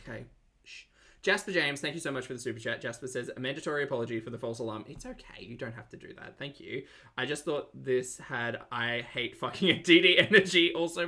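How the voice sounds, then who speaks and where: Bright-voiced sarcastic Australian man. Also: mid-range voice, gravelly. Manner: sarcastic, chatty, reads out super chats. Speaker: commentary channel host. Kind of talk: live-stream reaction commentary.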